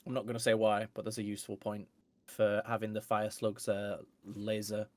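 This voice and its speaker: A man's voice: lowish voice, monotone, no room sound. A man chatting and teasing while co-playing a video game. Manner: chatty, teasing, quick to laugh. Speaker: guest co-player. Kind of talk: casual chat over gameplay.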